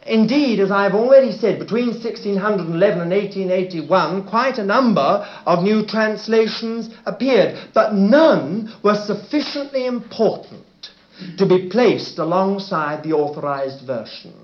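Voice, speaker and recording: A man teaching a sermon about Bible versions, speaking in a deliberate way and often adding "you see". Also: high-pitched, animated. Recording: roomy, muffled old recording.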